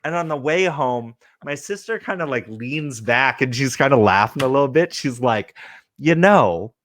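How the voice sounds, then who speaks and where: A man's voice: medium pitch, normal speed, a little hiss or hum. A man in his forties from California, telling a comic story, cursing freely and acting out quotes. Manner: animated, profane, acts out quotes. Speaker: podcast host.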